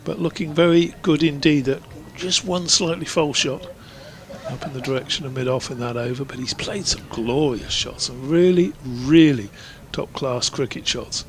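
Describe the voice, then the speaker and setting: A man's voice: medium pitch, normal speed. A man giving live ball-by-ball cricket commentary in a chatty, rambling way, drifting into anecdotes between deliveries.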